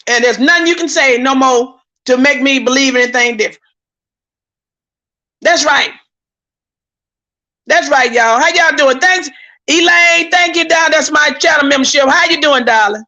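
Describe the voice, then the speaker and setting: A woman's voice: sits high, moderate pace, long pauses, pushed and bright. A woman giving heated live-stream commentary, indignant and preachy, repeating her points, stammering when worked up and calling out to viewers. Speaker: YouTube commentator.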